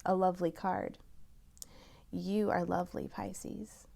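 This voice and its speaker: A woman giving a tarot reading to her viewers, talking in an encouraging, softly emphatic way and breaking into excited exclamations. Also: lowish voice, slow, gravelly. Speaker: tarot reader.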